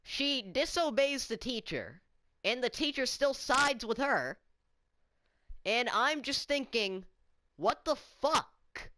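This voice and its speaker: Slow, indignant female vlogger ranting. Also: fairly high pitch, lively intonation, bright, forceful tone, no echo. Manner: indignant, incredulous, swears often. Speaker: student vlogger. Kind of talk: story-time vlog rant.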